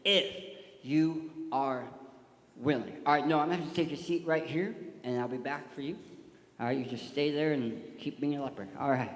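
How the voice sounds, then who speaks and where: A fairly high-voiced man preaches an animated sermon, drawing the crowd in with questions and stories. His voice rings through a big church hall with a long, roomy reverb. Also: fast. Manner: animated, shouts cues to a volunteer. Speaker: guest preacher. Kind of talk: sermon with audience participation.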